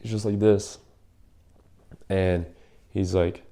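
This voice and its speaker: A man's voice: low voice, flat delivery, unhurried, vocal fry, long pauses, warm tone. A young man casually retelling a Bible story in a rambling, slangy way, with lots of fillers.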